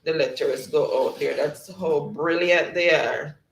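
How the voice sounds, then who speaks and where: A Jamaican man hosts a casual live-stream quiz, talking slowly and steadily, reading viewers' chat messages aloud and chuckling often. His gravelly voice sits a little high for a man, and the audio echoes as if from a bare room.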